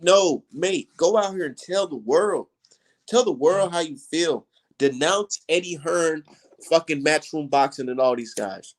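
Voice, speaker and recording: A man's voice: on the high side, animated, a little slow. A man hosting a casual livestream, ranting heatedly with lots of profanity and repeated emphasis. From United States. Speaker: streamer host.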